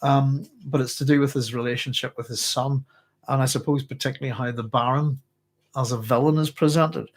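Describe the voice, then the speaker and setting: A man's voice: medium pitch, fairly even intonation, fairly quick. Man, Northern Irish accent, middle-aged, casual book chat, rambling, chuckling, trails off mid-thought. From Northern Ireland. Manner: rambling, self-interrupting, chuckles often. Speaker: book club host.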